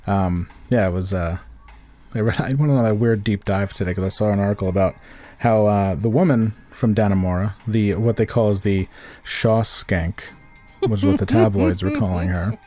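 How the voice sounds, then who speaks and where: A man's voice: on the low side, steady tone, moderate pace, mellow, soft background music. A young man, co-hosting a casual podcast chat, rambling and joking and slipping into put-on local voices. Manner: rambling, jokey, slips into put-on regional voices. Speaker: podcast co-host.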